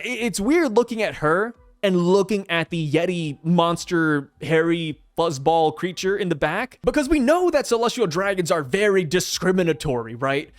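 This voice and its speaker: A man casually reviewing a comic chapter, chatty and excitable, with many fillers and acted-out quotes. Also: high-pitched, no echo. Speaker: manga reviewer. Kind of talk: casual commentary.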